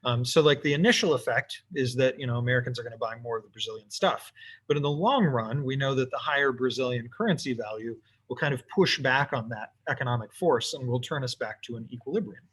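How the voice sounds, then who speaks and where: A man teaching economics in a relaxed, offhand way, thinking aloud as he sketches graphs for an online class. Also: mid-range voice, fast, husky. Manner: casual, talks to himself while drawing. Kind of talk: recorded lesson while sketching graphs.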